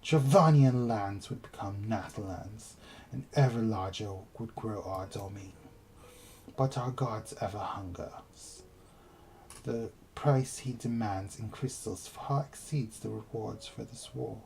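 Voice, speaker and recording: A man reading aloud as a formal insect-tribe elder in a video game, using a put-on British accent and a slow, stately delivery. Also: on the low side, gravelly, darkish tone, slight background noise, poor audio. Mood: solemn.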